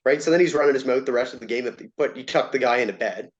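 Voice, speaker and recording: A man chats casually in an interview, spinning anecdotes with lively energy. He throws his voice high for the people he quotes. The sound is muffled and lo-fi. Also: fast talker. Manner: animated, acts out quoted lines in raised voice. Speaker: interview guest, former player and coach. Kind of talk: casual storytelling. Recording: dull lo-fi sound.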